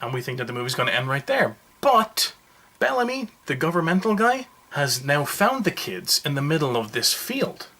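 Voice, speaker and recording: Husky, bright-voiced man rambling through a review. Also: fairly high pitch. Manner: rambling, jokey, animated storytelling. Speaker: movie reviewer. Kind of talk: casual spoken movie review.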